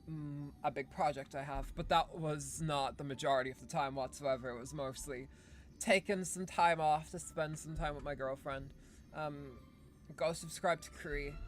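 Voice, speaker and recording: A woman streaming live, chatting casually and playfully, with a hyped game-show-host delivery and frequent restarts. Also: low-pitched. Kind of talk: casual livestream chat.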